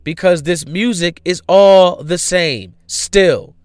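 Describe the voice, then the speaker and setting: A man's voice: high voice, slow, smooth, no room sound. A man hosting a podcast, ranting bluntly and profanely about music with repeated rhetorical questions. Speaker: podcast host.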